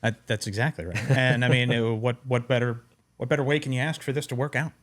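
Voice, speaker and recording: A man's voice: medium pitch, brisk. Upbeat man hosting a podcast. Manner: upbeat, lively, bantering. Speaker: podcast host. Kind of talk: casual podcast chat. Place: in-person studio.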